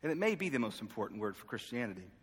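A man preaching a sermon in a conversational, self-deprecating way, swinging from loud calls to the congregation to quiet asides. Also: medium pitch, very animated, racing, husky. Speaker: pastor. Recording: echoey hall reverb.

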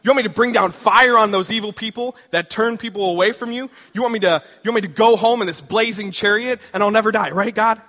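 A preacher doing an eager, excitable young prophet. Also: male voice, a little high, quick pace, few pauses, long reverb tail, close to an everyday voice. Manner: breathless, excited, rising questions.

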